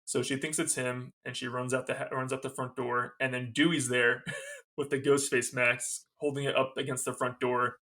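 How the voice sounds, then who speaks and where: A man's voice: medium pitch, flat delivery, moderate pace, pushed and bright. A man co-hosting a podcast, recapping a movie scene in casual chat, quoting its lines and laughing often. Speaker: podcast co-host.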